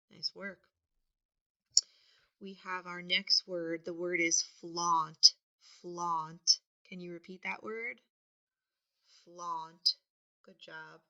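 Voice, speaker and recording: A woman teaching a spelling lesson, patiently sounding words out and stressing each one loudly. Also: on the low side. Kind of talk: slow, deliberate spelling lesson. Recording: dull lo-fi recording.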